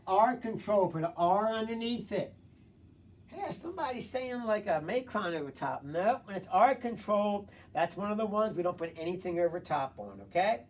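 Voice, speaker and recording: Encouraging teacher, distant from mic. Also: male voice, high-pitched. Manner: encouraging, repetitive prompting. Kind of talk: online phonics lesson.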